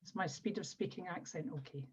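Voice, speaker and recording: A woman's voice: lowish voice, brisk, slightly rough. A woman with a Scottish accent teaching a live online coaching workshop, walking listeners through exercises step by step and often repeating phrases. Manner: instructive, repeats phrases while guiding exercises. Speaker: NLP trainer and coach. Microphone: video call. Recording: dull lo-fi webinar audio.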